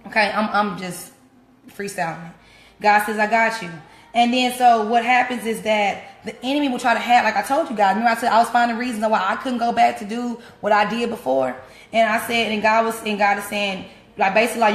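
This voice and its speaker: A woman with a fairly high voice preaches in a loose, everyday way and circles back to her key phrases again and again. Her words ring in an echoey room. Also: normal speed. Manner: repeats key phrases, plain casual speech. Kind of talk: informal sermon to camera.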